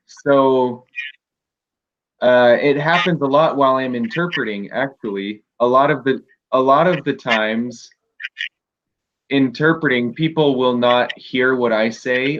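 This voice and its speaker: A man in an online class, a working interpreter, talking in a relaxed way and explaining with examples. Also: medium pitch. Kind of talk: casual online class talk. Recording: muffled video call audio.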